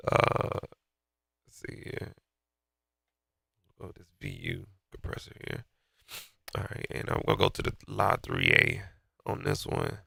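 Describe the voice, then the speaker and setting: Gravelly deep man with a stuffy nose. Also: wildly swooping pitch, takes it slowly, pauses often, bright, forceful tone, dry recording, clean studio sound. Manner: loose and slangy, talking to himself while working. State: stuffy-nosed from being sick. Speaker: beat maker walking through a mix. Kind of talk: casual mixing tutorial.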